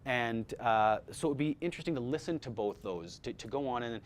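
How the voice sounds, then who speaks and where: A man leads a voice-over class in an easy, unscripted way, stumbling over and repeating his words as he goes. His pitch sits in a middle range for a man. A faint low rumble hums behind him. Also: a little fast. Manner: energetic, repeats words, many fillers. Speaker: voice-over workshop instructor. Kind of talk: casual workshop talk. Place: workshop room with a group.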